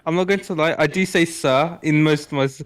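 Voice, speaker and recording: Stammering man, slightly high voice. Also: brisk, over a noisy crowd, poor audio. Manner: stammering, repeats words, self-deprecating. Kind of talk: casual group chat.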